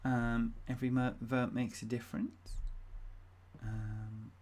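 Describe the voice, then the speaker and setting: A woman's voice: a bass voice, flat delivery, slow, darkish tone, husky. A woman running an interactive role-play stream as game master, chatty and giggly with many ums.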